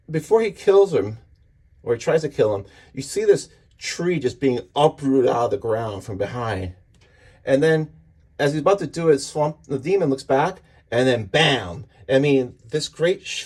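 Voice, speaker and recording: Enthusiastic husky-voiced man recapping comics. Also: mid-range voice, darkish tone. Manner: enthusiastic, retelling panels with voices. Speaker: comic book reviewer.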